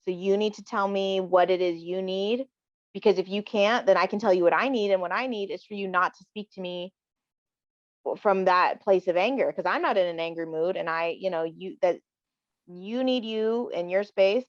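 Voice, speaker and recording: A woman's voice: mid-range voice, normal speed, dry recording. A woman talking candidly and reflectively as a guest in a casual chat, often acting out what she says to others. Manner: candid, reflective, acts out quoted lines. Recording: dull dry lo-fi sound.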